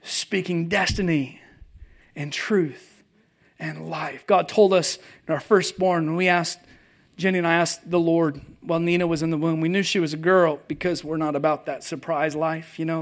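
A pastor with a notably high voice preaching to a live congregation. He tells stories with humor, dropping to a hush and then rising to loud bursts. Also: normal speed. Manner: animated, humorous, swings between hushed and loud. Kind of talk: sermon with personal storytelling. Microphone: presentation with slides, live audience.

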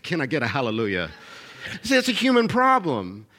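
A man's voice: fairly high pitch, wildly swooping pitch, fairly quick, pushed and bright. A middle-aged man preaching a sermon as pastor, emphatic and repetitive, calling out to his congregation for responses.

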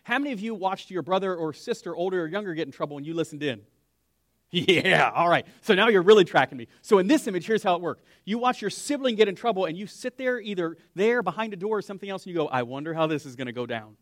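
Lively high-voiced pastor teaching. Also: male voice, fast talker, dry recording, clean studio sound. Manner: lively, asks the room questions, drops to a whisper for emphasis. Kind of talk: conversational Bible lesson.

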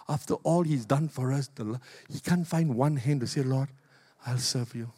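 An older man from Singapore with a Singaporean English accent, preaching a sermon as a pastor. He moves between loud exhortation and soft, low asides. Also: normal speed, husky, no room sound, studio quality.

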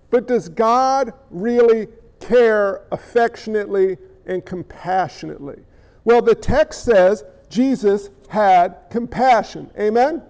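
A man preaching a sermon as a pastor, animated, with quick asides to the congregation. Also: very high-pitched, lo-fi sound.

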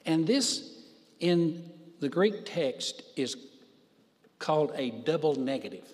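A man preaching a sermon in a slightly high voice, leaning hard on key words. He talks very slowly and stretches his phrases out for emphasis. His voice rings with the long reverb of a large hall. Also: animated, a little mellow. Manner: emphatic, drawn-out phrases for stress.

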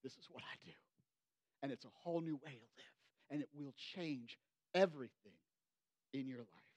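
A man preaching a sermon as pastor, swinging between loud, emphatic bursts and hushed, low asides. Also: moderate pace, no echo.

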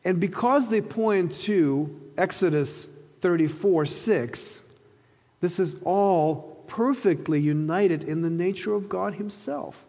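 A man preaching a sermon, telling a story earnestly and slowing down to stress key phrases. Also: high-pitched, darkish tone, in a large hall. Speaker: pastor.

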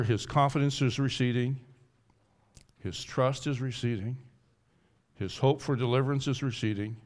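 A pastor preaches a sermon, swinging from loud and high to quiet and low. At points he acts out pleading in the first person.

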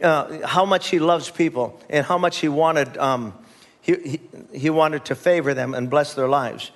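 A man's voice: fairly high pitch, measured pace. An older man preaching a sermon as pastor, leading the church in call-and-response with folksy asides and chuckles.

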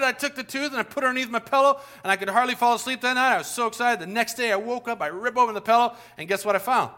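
A man in his forties preaching a casual, story-driven sermon as pastor, acting out the voices in his anecdotes with big swings in pitch. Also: racing, hardly any pauses, sharp tone. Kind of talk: conversational sermon.

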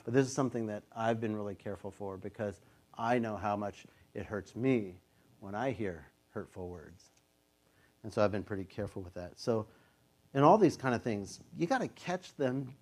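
A pastor in his fifties preaches a sermon conversationally, sometimes acting out the voices of people he quotes. His voice is lowish and expressive, at a normal speed.

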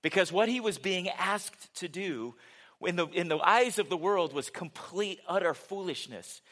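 An older man preaching a sermon in an earnest, conversational way, often dropping soft for emphasis. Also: high voice, expressive, a little slow. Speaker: pastor.

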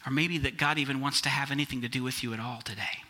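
A man's voice: mid-range voice, fairly even intonation, fast, sharp tone. A man preaching a sermon as pastor, speaking conversationally and calling his listeners "guys".

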